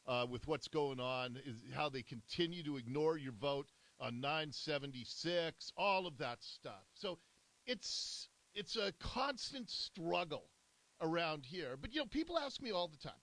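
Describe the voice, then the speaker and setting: Male talk radio host, high and lively voice, emphatic and indignant, studio mic. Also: rough recording.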